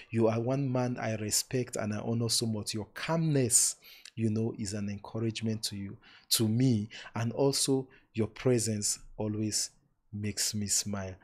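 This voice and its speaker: A man hosting a live-streamed relationship talk, speaking warmly and emphatically to online viewers, repeating words for stress and closing with preacher-like blessings. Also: medium pitch.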